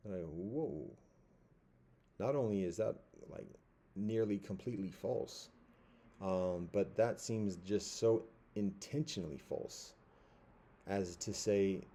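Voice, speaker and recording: A man giving a casual commentary monologue, halting and rambling with many fillers and restarts. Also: lowish voice, dark tone.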